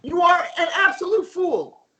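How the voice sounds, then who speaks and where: A man's voice: very high voice, expressive, measured pace, pushed and bright, slight background noise, pitched above the performer's own voice, exaggerated voice, rough recording. Guy telling a story doing the satan, mean angel, taunting and snide. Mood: mocking. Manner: taunting, scornful.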